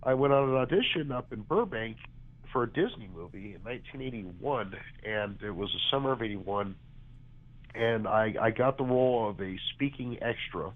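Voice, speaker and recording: A man's voice: mid-range voice, expressive, moderate pace. Stuffed-up guy in his 40s calling in, tinny phone sound, chatty and rambly. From California. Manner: chatty, rambling with many restarts. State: congested. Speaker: guest. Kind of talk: phone interview.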